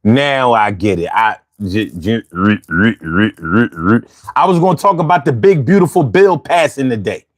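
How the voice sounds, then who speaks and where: A man's voice: on the low side, lively intonation, normal speed, no room sound, studio quality. A man reading viewer comments aloud and reacting in slangy, profane, conversational talk. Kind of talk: casual commentary.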